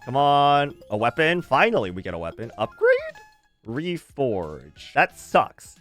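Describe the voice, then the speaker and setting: Casual streamer, male, mid pitch, chatty and expressive, laughs a lot; soft game music underneath. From United States. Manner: chatty, laughs often, animated reactions. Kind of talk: casual gameplay commentary.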